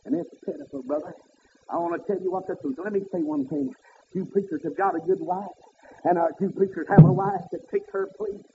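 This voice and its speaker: A man preaching a fiery sermon, swinging up to high shouted peaks. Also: a little fast, noisy background. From American South. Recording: tinny phone-like old sermon tape.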